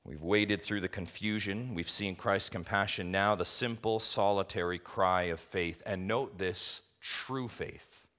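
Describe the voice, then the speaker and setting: A man's voice: low-pitched, unhurried, hardly any pauses, sharp tone. A man preaching an expository sermon, emphatic, asking rhetorical questions and addressing his listeners as friends. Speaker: pastor.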